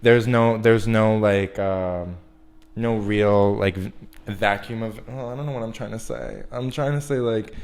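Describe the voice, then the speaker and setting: A man's voice: on the low side, steady tone, a little slow, a little mellow. A man in his twenties from New York, a guest artist chatting casually and meandering, full of "like" and restarts. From New York, USA. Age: 20s. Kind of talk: casual interview chat.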